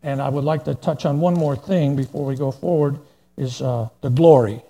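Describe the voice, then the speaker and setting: A man's voice: medium pitch, normal speed, dark tone, slightly rough. An older man preaching a plain-spoken, folksy verse-by-verse sermon, with asides and fillers as he reads scripture.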